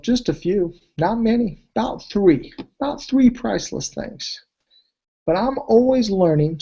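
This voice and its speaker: A man presenting a weight-loss program, telling testimonial stories in an animated way, his voice leaping high when he gets excited. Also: gravelly, dull audio. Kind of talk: testimonial storytelling speech.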